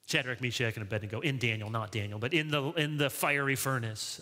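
A male pastor preaching a sermon in a church, animated, rising high when he voices pleas to Bible figures. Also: quick pace, few pauses. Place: large church sanctuary. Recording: long reverb of a church hall.

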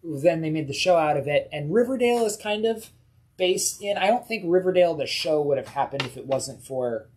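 A woman co-hosting a comics livestream from a comic book shop, talking in a relaxed, conversational way. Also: low voice, fairly quick. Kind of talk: casual chat.

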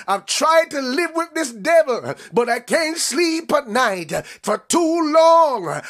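A man's voice: very high voice, fairly bright tone, voice pushed up, full character voice. A man preaching as he voices a desperate mother who begs for her daughter, in a pleading, insistent, repeating way.

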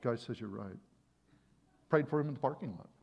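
A male pastor telling a story during a sermon in a conversational, animated way, often restarting his phrases. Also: mid-range voice, a little fast, vocal fry, lo-fi sound, slight background noise.

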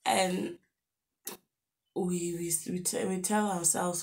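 Animated young South African woman, lowish voice. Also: slow pace. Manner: animated, lively retelling with local slang exclamations. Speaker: YouTuber. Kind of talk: storytime vlog, casual storytelling.

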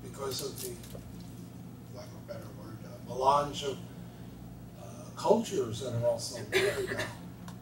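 A man's voice: mid-range voice, a little slow, pauses often. A man making a hesitant, thoughtful comment on a panel, stopping often to search for words. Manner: hesitant, thoughtful, many fillers. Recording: distant echoey mic with noise.

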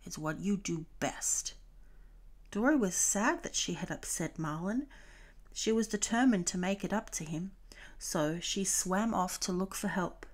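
A woman reading a children's storybook aloud, clear and expressive. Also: medium pitch, normal speed.

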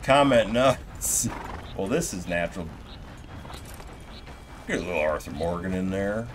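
Deep-voiced easygoing gaming streamer man. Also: animated, measured pace, slight background noise. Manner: easygoing, thanking viewers as they go. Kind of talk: live gameplay commentary. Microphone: gaming headset. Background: game music and hoofbeats.

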